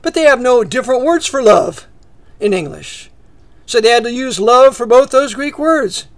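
Male preacher, high gravelly voice, dry close sound; reads scripture then explains it plainly, loud peaks and hushed drops. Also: no room sound. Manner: rises to emphatic peaks, drops to near-whisper asides; reads scripture in old English, then paraphrases conversationally. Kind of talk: expository sermon.

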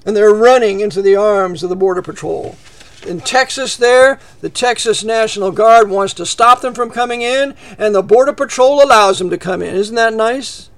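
A man's voice: extremely high pitch, normal speed. A man preaching a fiery political sermon, heated and sarcastic, rambling with restarts.

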